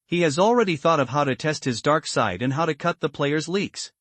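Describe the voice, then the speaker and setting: A man's voice: fairly high pitch, animated, a little fast, fairly bright tone, dry recording. Man narrating in a dry, close voice. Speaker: recap narrator. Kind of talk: scripted story narration.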